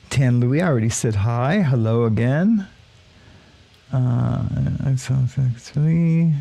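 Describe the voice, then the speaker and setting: On his laid-back morning stream, a man welcomes viewers by name, stumbling through fillers and restarts. He speaks on the high side, with a darkish tone.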